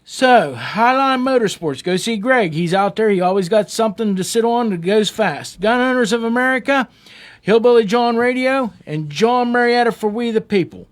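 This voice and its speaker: A man's voice: sits high, animated, moderate pace. A middle-aged man who hosts a folksy talk radio show, rallying listeners in a fiery, slang-filled way. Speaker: radio show host and local official.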